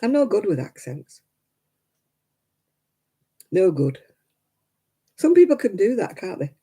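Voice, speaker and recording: An older woman hosts a casual crafting livestream, rambling to her viewers and laughing often. Her voice is husky and warm, and her pitch swings widely as she chats. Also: big pitch swings, takes it slowly. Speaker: livestream host. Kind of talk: casual live-chat crafting stream.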